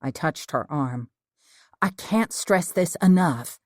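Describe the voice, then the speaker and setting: Lower-voiced woman narrating an audiobook. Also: animated, takes it slowly, no echo, clean studio sound. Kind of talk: first-person audiobook narration.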